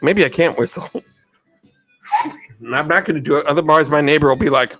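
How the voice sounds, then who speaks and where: A man hosting a relaxed live stream, reading out chat questions and answering them. His voice sits a little on the high side, and he laughs often and drifts off track. Soft music plays faintly underneath. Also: brisk, poor audio. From United States. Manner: chatty, laughs often, loses his train of thought. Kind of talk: casual chat.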